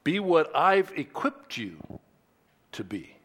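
A man's voice: on the high side, big pitch swings, slow pace, a bit bright. Man preaching a conversational sermon. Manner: conversational preaching with restarts and acted asides. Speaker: pastor.

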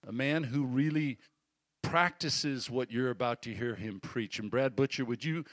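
Man, pastor, mid pitch, enthusiastic church introduction, fillers. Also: moderate pace, a bit bright.

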